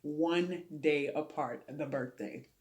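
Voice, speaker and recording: A woman's voice: sits low, slow pace, a little mellow. A woman guest on a talk show who talks earnestly about faith, prayer and her late father, giving advice the way a preacher would. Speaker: interview guest. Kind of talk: heartfelt testimony in a talk show interview.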